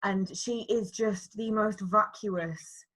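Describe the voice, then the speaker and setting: A woman's voice: mid-range voice, slow, a bit bright. A woman in her thirties co-hosting a podcast, chatting casually, laughing often and trailing off with fillers. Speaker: podcast co-host. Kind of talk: casual chat.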